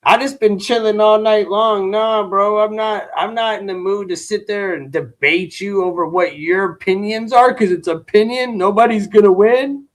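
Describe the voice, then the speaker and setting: High and steady, his voice keeps a moderate pace with few breaks as this tired streamer hangs out with chat. Between slangy remarks and frequent "bro"s, he shrugs off a troll.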